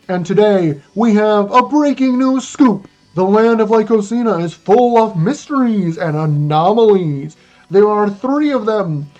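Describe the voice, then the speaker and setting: A speedrunner doing an old-timey news anchor voice, with a slow, grand, theatrical announcer delivery while commentating a game run. The anchor hosts the run like a newscast. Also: medium pitch, darkish tone, muffled recording, natural voice.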